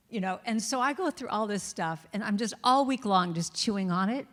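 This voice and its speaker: A woman giving a storytelling talk to a congregation, lively and self-mocking, acting out her inner critic's voice. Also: on the high side, a little fast, few pauses. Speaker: guest speaker. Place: large reverberant church hall. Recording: long hall reverb.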